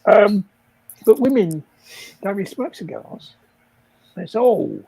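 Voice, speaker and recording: A man's voice: sits high, big pitch swings, normal speed, creaky, long pauses, dark tone, breathy edge, dry recording, low-quality recording. An older man, telling rambling stories in casual chat on a livestream, often laughing and acting out the people he quotes. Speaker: livestream guest storyteller.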